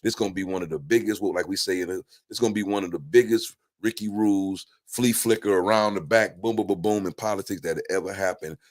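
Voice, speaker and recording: This talk show guest has a low voice and talks briskly with few pauses. He discusses politics casually, in animated, rambling stories full of restarts and fillers.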